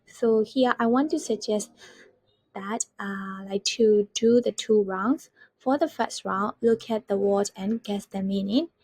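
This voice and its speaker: A woman's voice: mid-range voice, measured pace, a little mellow, husky. Patient woman teaching vocabulary. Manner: patient, explains step by step, repeats words to model stress. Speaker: English teacher. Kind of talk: vocabulary lesson over slides.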